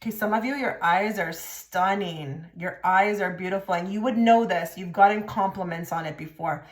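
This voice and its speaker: A woman's voice: medium pitch, normal speed. A woman giving a casual tarot reading to camera, direct and blunt, with many filler likes. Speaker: tarot reader. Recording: echoey room.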